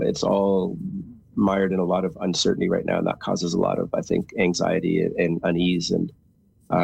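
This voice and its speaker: Low, gravelly male guest, quick and husky, earnest and reflective. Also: darkish tone, no room sound, muffled recording. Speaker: guest, father of a graduate. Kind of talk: radio interview.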